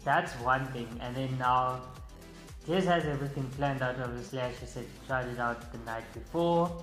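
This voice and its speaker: A man's voice: mid-range voice, normal speed, fairly bright tone. A man in casual chat, chiming in and finishing his partner's sentences as they tell a story together. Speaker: co-host of a couple's channel. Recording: echoey room with faint music.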